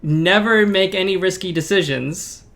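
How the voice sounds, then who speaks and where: A man's voice: high-pitched, unhurried, a bit bright. A young man co-hosting a podcast, thinking aloud hesitantly in casual conversation. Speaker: podcast co-host.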